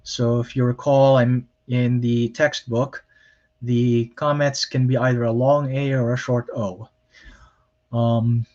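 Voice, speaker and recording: A man gives a recorded language lesson at an unhurried pace, with frequent ums and pauses as he explains each point. His voice sits in a middle range. The recording sounds somewhat muffled and lo-fi. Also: medium pitch, darkish tone. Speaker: Hebrew lecturer. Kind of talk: recorded lecture.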